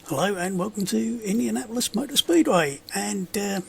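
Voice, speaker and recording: A man giving relaxed, rambling gameplay commentary as a sim racing video host, with many fillers and dry sarcasm. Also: high voice, normal speed, gravelly, slight background noise.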